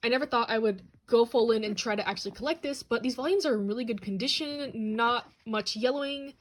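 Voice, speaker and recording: A young woman with a slightly high voice hosts a casual unboxing vlog. She talks chattily and bubbles over with excitement, gushing about her favorite items. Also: quick pace. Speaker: channel host. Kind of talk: manga haul and unboxing vlog.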